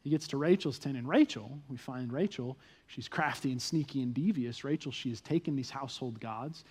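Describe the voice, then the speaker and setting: A young adult man preaching a sermon at a church, telling the story with animated delivery and acting out the people's voices. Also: mid-range voice, brisk, breathy edge. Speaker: pastor. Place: church stage.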